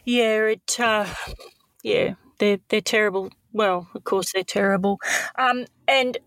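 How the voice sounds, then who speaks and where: A woman hosting a podcast interview, asking gentle, hesitant questions. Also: medium pitch, fairly even intonation, unhurried, no room sound. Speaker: podcast host.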